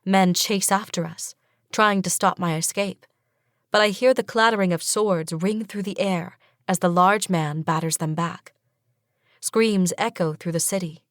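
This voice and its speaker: A woman reading a first-person fantasy audiobook in a measured, even way. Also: fairly low pitch, no echo, studio quality. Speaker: audiobook narrator. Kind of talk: scripted first-person narration.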